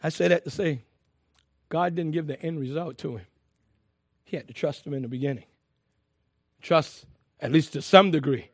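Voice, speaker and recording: A man preaching a sermon to a congregation, lively and emphatic, with frequent laughs and repeated phrases. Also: a little high, normal speed, gravelly, long pauses, no room sound, studio quality.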